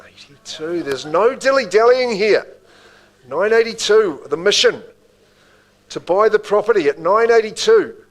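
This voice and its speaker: A man's voice: sits high, animated, measured pace, poor audio. A man with a New Zealand accent calling bids at a live property auction, with rhythmic bid calls and chatty asides to the room.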